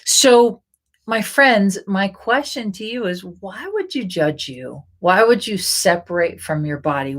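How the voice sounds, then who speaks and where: A middle-aged woman coach talking casually and with animation, laughing often and acting out little voices as she speaks to her audience. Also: mid-range voice. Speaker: intuitive body coach. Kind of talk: casual promotional talk.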